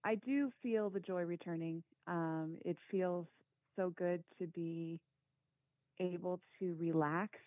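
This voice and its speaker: A woman guest on a podcast, talking casually and reflectively, soft-spoken with pauses. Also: lowish voice, steady tone, no room sound. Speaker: guest, quilt designer and author. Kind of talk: casual interview chat. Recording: thin phone-like line.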